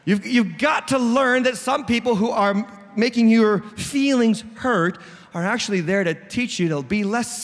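A man pastor with a New England accent preaching a sermon, direct and joking with the congregation. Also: high voice. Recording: echoey hall.

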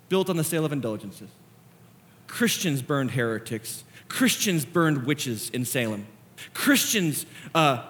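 Male preacher, bright ringing tone, impassioned sermon delivery. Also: a little high. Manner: impassioned, swinging from hushed to shouting. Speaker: pastor.

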